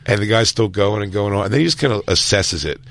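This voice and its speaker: Low-voiced man telling club stories. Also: quick pace, vocal fry, dry recording. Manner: rambling, animated storyteller acting out quotes. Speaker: stand-up comedian and podcast co-host. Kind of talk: casual chat, storytelling.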